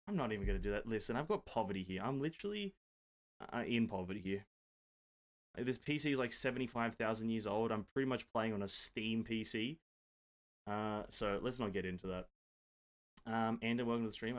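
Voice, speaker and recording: A man's voice: on the low side, fairly quick. A man streaming games from his home desk, chatting casually, answering viewers and joking around with the odd swear word. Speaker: gaming streamer. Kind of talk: casual live-stream chat.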